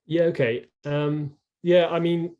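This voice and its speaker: A man's voice: fairly high pitch, steady tone, takes it slowly, warm tone, highs cut off. A middle-aged man, a former rower, telling his story earnestly as an interview guest, with many restarts, over a video call.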